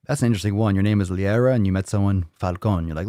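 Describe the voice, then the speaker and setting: A man's voice: deep voice, steady tone, rapid-fire, few pauses, dark tone, no echo, clean studio sound. A man hosting a fitness livestream in casual chat, playful and loose, swearing and repeating phrases in a sing-song way. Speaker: fitness show host.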